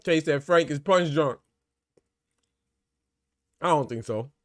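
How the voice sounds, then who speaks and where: A man calls a boxing fight live for his viewers in a loose, slangy, conversational way. He gets excited and loud when the action heats up. His voice sits a little high, and the dry, close recording has almost no room sound. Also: slow pace, no room sound. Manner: excitable, shouts during big moments, slangy and conversational. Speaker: boxing commentator and channel host.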